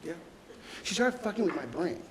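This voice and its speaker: A middle-aged man telling emotional stories as a guest onstage, halting and stumbling over repeated words. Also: high voice, sing-song, a crowd in the background, low-quality recording. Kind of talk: emotional storytelling conversation.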